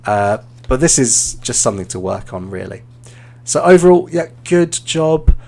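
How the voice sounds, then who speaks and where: A British man hosts a live English lesson and gives a student relaxed, encouraging feedback. He speaks in a mid-range voice and often pauses with "um" as he thinks. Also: medium pitch, gravelly, slight background noise. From Britain. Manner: encouraging, relaxed, many "um" fillers. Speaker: English teacher and live-stream host.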